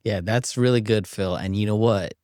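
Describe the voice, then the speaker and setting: A male podcast host with a lower voice leads a candid conversation. He is affirming and encouraging and reflects back what his guest says. The recording is close and dry. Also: moderate pace, darkish tone, dry recording.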